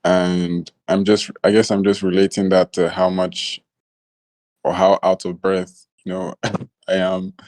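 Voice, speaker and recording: A man in a book club discussion, speaking reflectively and hesitantly, often pausing to find his words. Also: sits low, monotone, darkish tone, dry recording.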